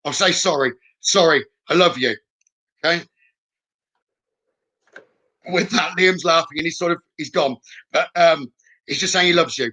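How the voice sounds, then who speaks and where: Guy doing psychic readings, high bright voice, keeps saying okay. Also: low-quality recording. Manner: reassuring, keeps adding "okay?". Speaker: psychic medium. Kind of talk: live spirit-message reading.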